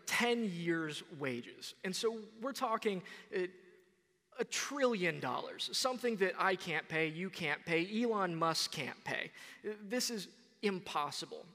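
A young man preaching a sermon, retelling a parable in a conversational, animated way. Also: sits high, a little slow, gravelly, long reverb tail. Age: young adult.

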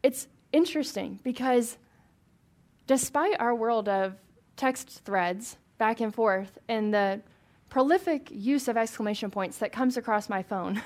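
A woman's voice: on the high side, measured pace, darkish tone. A woman leading a Bible study for a small group, reading scripture aloud and chatting with questions to the room.

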